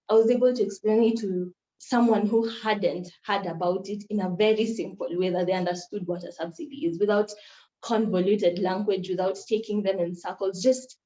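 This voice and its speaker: A young Kenyan woman with a mellow, mid-range voice gives a workshop talk on moot court. Her delivery is earnest and instructive, and she circles back to repeat her main points. The audio is roomy and slightly muffled.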